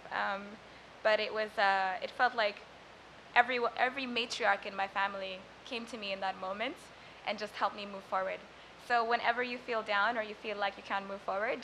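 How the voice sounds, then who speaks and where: Young Sudan-born woman poet, Arabic native, high voice, bright tone, chatty and rhythmic. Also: a little hiss or hum, low-quality recording. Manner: chatty and self-deprecating between poems, rhythmic when reciting. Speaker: spoken word poet. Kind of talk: live spoken word performance.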